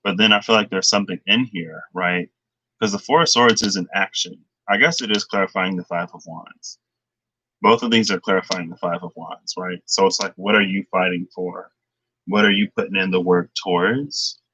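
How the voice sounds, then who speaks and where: A man's voice: sits low, moderate pace, breathy edge, dry recording, highs cut off. Chatty man giving a tarot reading. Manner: chatty, thinking aloud, animated retelling. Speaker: tarot reader.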